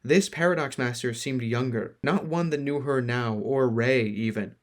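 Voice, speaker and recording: A man's voice: medium pitch, moderate pace. Man narrating a novel aloud. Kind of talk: audiobook reading of a fantasy novel.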